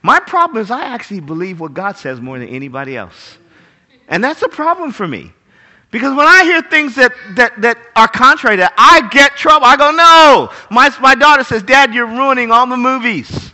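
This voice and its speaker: A man preaching a sermon as pastor, animated and jokey, acting out little voices of pets and people. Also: extremely high pitch, fairly quick.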